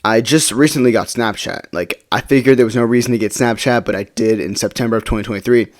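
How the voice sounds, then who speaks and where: A man's voice: medium pitch, fast. A teenage boy telling a personal story in a casual, rambling way, swearing freely and restarting his sentences. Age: teens.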